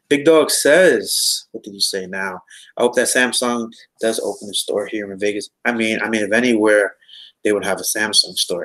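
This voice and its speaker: A man's voice: lowish voice, a bit bright, poor audio. A man talking casually about phones in a round-table chat, rambling with many fillers and restarts. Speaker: podcast host.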